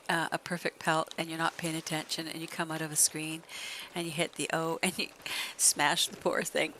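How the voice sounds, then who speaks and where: A woman in her late fifties, streaming a game and chatting in a soft, half-whispered, slow and gentle way. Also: low voice, slight background noise, rough recording. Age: 50s. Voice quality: even, gentle delivery. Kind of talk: casual chat while gaming.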